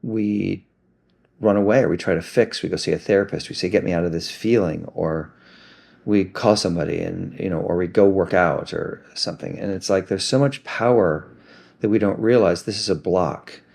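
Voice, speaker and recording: Low voice, vocal fry, gentle reflective man, self-help talk. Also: normal speed.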